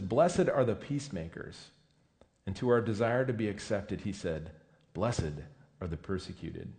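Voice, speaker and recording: A man preaching a sermon in a conversational, emphatic way, often correcting himself mid-sentence. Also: mid-range voice. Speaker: pastor.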